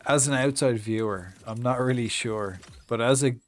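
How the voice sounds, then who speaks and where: A man's voice: medium pitch, moderate pace. Swearing Irish guy streaming a game. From Ireland. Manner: swears a lot, tells stories with mock-acted reactions. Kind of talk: casual live-stream chat while gaming.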